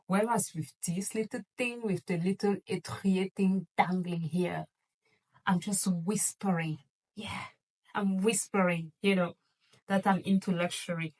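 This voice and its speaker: A woman's voice: mid-range voice, far from the mic, rough recording. A woman vlogger chatting casually and playfully to her viewers about luxury shopping, gushing over items. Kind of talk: casual chatty haul video.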